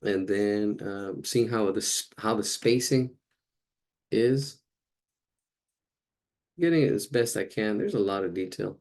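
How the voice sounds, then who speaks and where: A man's voice: lowish voice, takes it slowly, vocal fry, pauses often, darkish tone. A man teaching a casual live drawing lesson, chatting and thinking aloud as he sketches.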